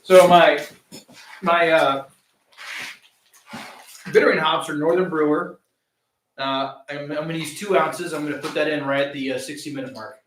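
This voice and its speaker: A man co-hosting a home brew stream, calmly explaining his recipe step by step. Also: on the high side, normal speed, pauses often. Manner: easygoing, explains step by step with fillers. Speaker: homebrewer co-host of a live stream. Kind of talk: casual explaining chat. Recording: echoey and distant, light hiss.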